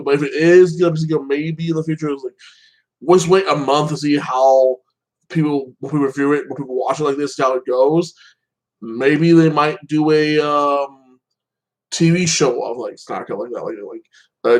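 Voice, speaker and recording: Rambling man with a highish voice. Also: poor audio. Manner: rambling, many fillers and restarts. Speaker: channel host. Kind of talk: casual solo commentary.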